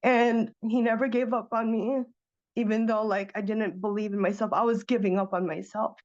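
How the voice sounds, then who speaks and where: A woman's voice: fairly high pitch, normal speed, dull audio. Woman telling an emotional personal story. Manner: animated, acts out her own past reactions in quoted bursts. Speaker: guest sharing her business story.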